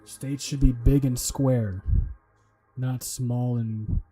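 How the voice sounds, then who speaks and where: A man takes it slowly as he studies on stream, his mid-range voice dark and steady with a breathy edge. Over soft background music, he mutters to himself, swears, and dreams up silly ways to memorize things.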